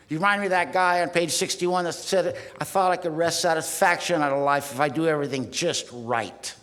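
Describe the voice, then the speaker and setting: A man's voice: on the high side, a little fast, few pauses, fairly bright tone. A man in his sixties from Southern California, telling his recovery story at a meeting in a blunt, streetwise, self-mocking way. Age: 60s. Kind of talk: sharing a personal story from a podium. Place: large hall. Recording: archival recording in a long-reverb hall.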